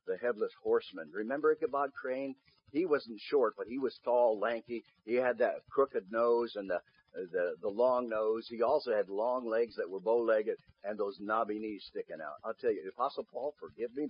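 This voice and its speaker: A man's voice: mid-range voice, breathy edge, muffled recording. A man preaching a sermon in an emphatic way, putting rhetorical questions to the congregation in the room.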